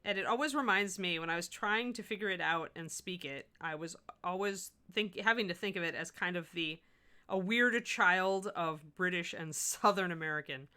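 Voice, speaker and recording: A woman's voice: on the low side, smooth. A middle-aged woman hosting a miniature painting livestream, chatting casually and thinking aloud as she works. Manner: chatty, thinks aloud, self-correcting and animated. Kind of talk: casual chat while painting, answering chat.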